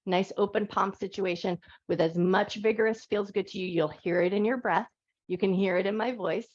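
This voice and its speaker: A woman teaching a live yoga class on a clip-on mic, giving soft, soothing guided cues. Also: mid-range voice, steady tone, normal speed. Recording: dull lo-fi live class audio.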